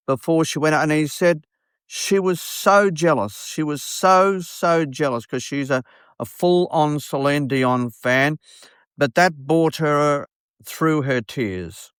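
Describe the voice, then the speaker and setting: A man, a radio host telling a story in an earnest, unhurried way, with many fillers. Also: medium pitch, fairly bright tone, smooth, no room sound, studio quality. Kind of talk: storytelling monologue.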